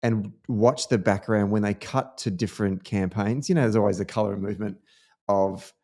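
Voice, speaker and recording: Animated Australian man telling stories. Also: fairly low pitch, moderate pace. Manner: animated storyteller, lively anecdotes. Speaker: podcast host. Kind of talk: casual political chat.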